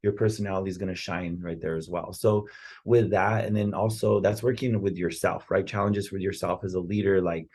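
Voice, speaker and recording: A man's voice: sits low, steady tone, fairly quick, a little mellow, husky. A man giving casual, earnest motivational talk on a podcast, rambling and often checking in with "right?". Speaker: podcast speaker on real estate and personal growth.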